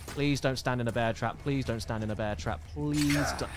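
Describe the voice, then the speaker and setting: A young man giving joking, excitable live commentary while playing a video game, swearing often. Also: a little high, moderate pace, slight background noise. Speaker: streamer.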